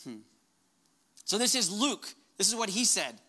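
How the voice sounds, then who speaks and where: A man's voice: sits high, very animated, normal speed, bright, forceful tone. A pastor preaching a sermon to his congregation, impassioned, raising his voice when he quotes commands. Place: church hall before a congregation.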